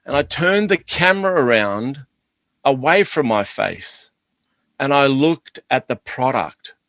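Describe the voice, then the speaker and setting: A man's voice: medium pitch, lively intonation, unhurried, a bit bright, no room sound. Enthusiastic man telling stories. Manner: enthusiastic, rambling anecdotes. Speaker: guest, chocolate business owner. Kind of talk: casual interview storytelling.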